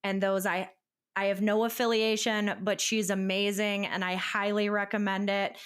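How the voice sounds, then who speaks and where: A young woman co-hosting a mom podcast. She speaks in a reflective, supportive tone and laughs often, with a mid-pitched voice in casual conversation. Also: level tone, moderate pace, smooth. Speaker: podcast co-host. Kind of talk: casual chat.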